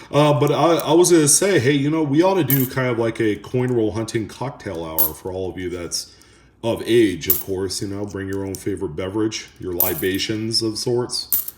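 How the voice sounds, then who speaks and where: Man, deep voice, rambling casual chat, roomy echo, faint hiss. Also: darkish tone. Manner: rambling, halting, talks to viewers. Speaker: coin roll hunting channel host. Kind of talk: casual chat while sorting coins. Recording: echoey room with coin clinking.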